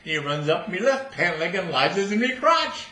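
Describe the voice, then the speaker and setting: A man's voice: high voice, very animated, moderate pace, sharp tone, voice pushed up, full character voice. Man doing a stiff guardsman private. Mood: earnest. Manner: stiff, dutiful, repetitive. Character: British guardsman private, earnest, plodding. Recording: roomy hall with faint noise.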